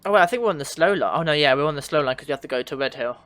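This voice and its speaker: A man's voice: fairly high pitch, expressive, very fast, fairly bright tone. A man streaming a train simulator, chatting casually and answering his chat with frequent laughs. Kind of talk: casual livestream commentary.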